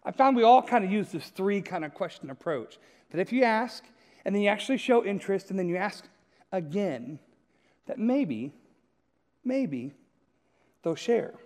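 A male pastor with a notably high voice gives a relaxed, story-driven sermon. He keeps turning to the listeners with a quick "right?". His voice rings out with a long church-hall reverb. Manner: storytelling, often checks in with "right?". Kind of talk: conversational sermon.

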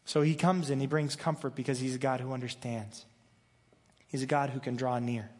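A pastor preaches in a loose, chatty way, restarting his sentences and slipping in jokes. His mid-pitched voice carries a long reverb from the church sanctuary around him. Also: steady tone, moderate pace. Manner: conversational and joking, with frequent restarts. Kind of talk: sermon.

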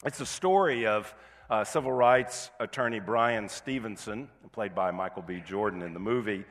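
A man's voice: fairly low pitch, normal speed, fairly bright tone. A male pastor preaching a sermon in a conversational way, now and then acting out indignant voices. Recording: long hall reverb.

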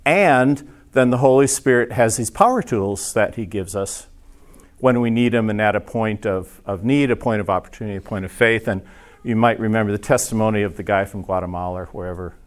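A man's voice: on the low side, fairly quick. A man teaching a church class in a casual, conversational sermon style, self-deprecating, with many fillers and restarts.

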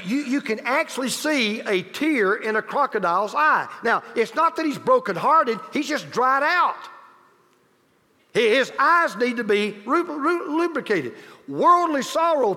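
A man with a high voice delivers a sermon, his pitch swinging widely as he presses each point. He repeats key phrases for emphasis and drops into chatty asides to his listeners. The sound carries a long reverb from a large church hall. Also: sing-song, a little slow, bright, forceful tone. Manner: emphatic and repetitive, with conversational asides to the congregation. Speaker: pastor.

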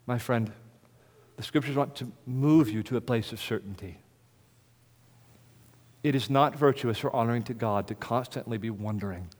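A man preaching a sermon as the pastor, moving between soft, hushed lines and loud, ringing proclamation. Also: medium pitch, measured pace. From United States. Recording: reverberant hall.

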